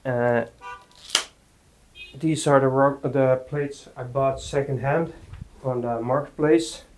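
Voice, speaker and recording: A fitness vlogger from the Netherlands gives a casual workout talk in his home gym, halting often with fillers and out of breath between sets. His voice is mid-range with a steady tone, and there is background noise.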